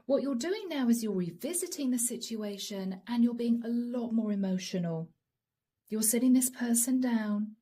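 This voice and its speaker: A woman giving a channeled tarot reading, soft and emotional, often dropping to a whisper. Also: on the high side, normal speed. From Europe. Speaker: tarot reader.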